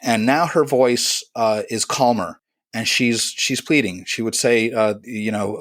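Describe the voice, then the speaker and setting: A man's voice: medium pitch, lively intonation, fairly bright tone, dry recording, clean studio sound. Reflective man telling childhood stories. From Chile. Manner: reflective, unhurried, recalls memories in vivid detail. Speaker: guest musician. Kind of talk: conversational interview storytelling.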